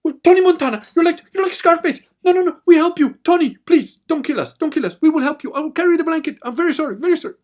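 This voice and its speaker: A man's voice: very high voice, quick pace, few pauses, a little mellow, voice pushed up. A man putting on a frightened big guy begging. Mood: pleading. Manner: pleading, panicky, repeating himself.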